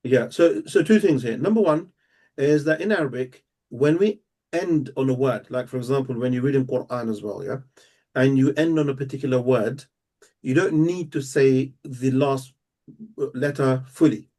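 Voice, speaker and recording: A man teaching a live language lesson, explaining step by step and repeating words slowly and patiently. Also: medium pitch, a little mellow. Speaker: Arabic teacher.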